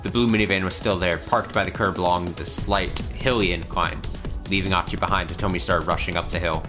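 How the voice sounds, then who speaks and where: On stream, a let's play host reads a visual novel aloud, pausing now and then to laugh and comment. His voice is deep and steady, a little fast, with music playing underneath.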